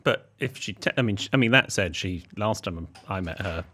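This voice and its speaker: A man's voice: low-pitched, animated, fairly quick, pushed and bright, husky. A man co-hosting a casual podcast, teasing and playful with his partner. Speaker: podcast co-host. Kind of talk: casual chat.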